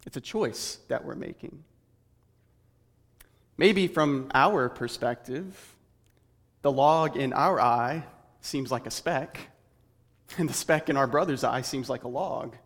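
A man's voice: medium pitch, slow, pauses often. Earnest male preacher in a reverberant hall. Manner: earnest, builds through rhetorical questions. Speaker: pastor. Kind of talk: sermon.

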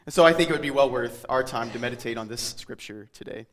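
A man preaching a devotional sermon in a measured, reflective way, letting his phrases trail off softly. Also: mid-range voice, big-room sound.

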